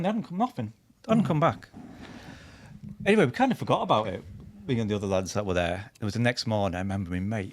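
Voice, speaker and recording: A man with a husky voice, a podcast guest telling funny stories in a lively, laughing way, acting out what other people said. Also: fairly low pitch. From England. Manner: animated, laughing anecdotes with acted-out quotes. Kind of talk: storytelling chat.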